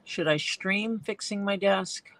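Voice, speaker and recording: Chatting and thinking aloud, a woman livestreams her leatherwork from a basement workroom at home. Her medium-pitched, fairly bright voice moves at a measured pace, and the sound has no echo.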